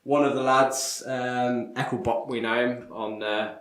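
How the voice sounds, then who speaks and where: A man co-hosting a podcast, giving loose shout-outs in casual chat with lots of fillers. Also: mid-range voice, fairly even intonation, measured pace. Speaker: podcast co-host. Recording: echoey room.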